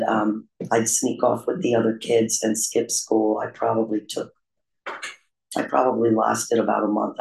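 A man candidly telling his own recovery story in a confessional, self-deprecating way, with frequent pauses and "um" fillers. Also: on the low side, gravelly, darkish tone. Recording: roomy echo.

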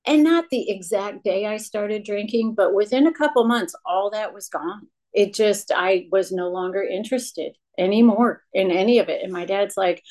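A woman in her late fifties, from upstate New York, tells her own story as a recovery speaker on a stage. Her voice sits at an ordinary pitch. She talks candidly and with self-deprecating humor, and she often restarts her sentences and leans on "you know.". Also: moderate pace. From Rochester, New York, USA. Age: 50s. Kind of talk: personal testimony talk from a stage.

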